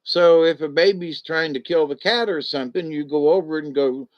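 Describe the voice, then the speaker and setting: A man's voice: a little high, moderate pace, highs cut off. An older man, talking in a rambling, folksy monologue full of restarts and fillers.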